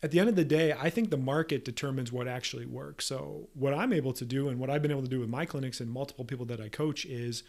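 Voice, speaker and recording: A man hosting a podcast, ranting in a combative, emphatic way and swearing freely while he talks about his work as a soft tissue practitioner. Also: mid-range voice, vocal fry.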